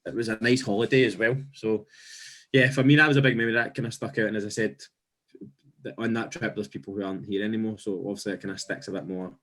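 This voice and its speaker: A man's voice: on the low side, fairly even intonation, fast talker, a bit bright. A man in a casual podcast chat, looking back on old memories and often repeating his phrases as he talks.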